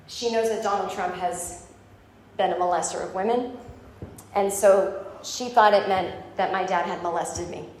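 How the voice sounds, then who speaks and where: A woman stand-up comedian doing animated, profane storytelling in a live club. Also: mid-range voice. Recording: echoey club room, faint noise.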